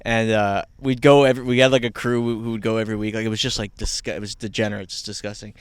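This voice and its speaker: A man's voice: on the low side, level tone, racing, clean tone, dry recording. A man in a casual podcast chat, telling a laid-back story about a night out.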